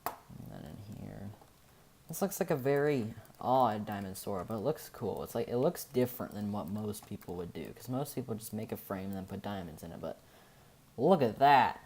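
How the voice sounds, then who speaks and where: A man's voice: lowish voice, animated, moderate pace, a little mellow, a little hiss or hum. A man narrating a casual game-building tutorial, thinking aloud as he goes and often stopping to correct himself.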